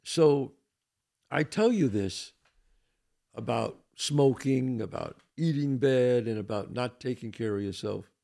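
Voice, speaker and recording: An older man hosting a podcast, with a gravelly, creaky voice at a middle pitch. He talks in a casual, heartfelt monologue and hammers his points home by repeating them. His manner is blunt and a little profane. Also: expressive, slow, warm tone. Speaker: podcast host.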